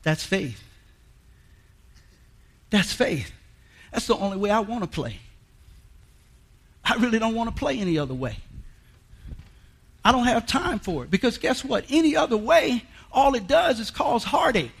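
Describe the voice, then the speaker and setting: A man preaching a sermon in a folksy, emphatic way, repeating lines and rising to shouts. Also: extremely high pitch, sing-song, moderate pace, creaky, long pauses, breathy edge. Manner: folksy, colloquial. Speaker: guest preacher.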